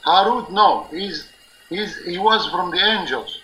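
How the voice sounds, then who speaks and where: A man hosting a live religious talk stream, his voice high and strikingly bright, almost piercing. He explains at length in an earnest, insistent way, peppered with "uh" and "okay?". A faint hum of noise sits behind him. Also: measured pace, low-quality recording. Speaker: live-stream show host. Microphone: live stream or call-in line.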